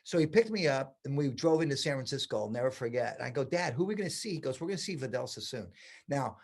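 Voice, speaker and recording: A man's voice: medium pitch, fast talker, vocal fry, breathy edge. A man in his sixties from the United States, a veteran hairstylist and educator, telling stories in a casual interview and acting out past conversations. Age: 60s. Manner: lively storyteller who acts out past conversations.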